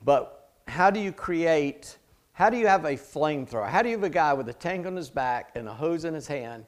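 A man's voice: a little high, animated, moderate pace. A middle-aged man preaching a sermon in a conversational way, with chatty asides and jokes. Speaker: pastor.

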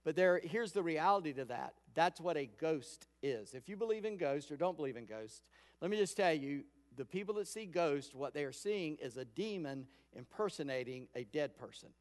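A pastor giving a sermon in a conversational storytelling way, acting out quoted lines. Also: male voice, a little high, animated, normal speed. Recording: long hall reverb.

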